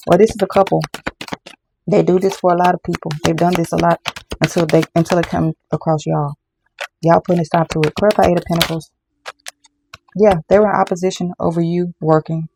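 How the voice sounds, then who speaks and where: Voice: mid-range voice, creaky, warm tone, a little hiss or hum. A tarot reader giving a casual card reading to viewers, emphatic and repetitive, often calling the audience y'all.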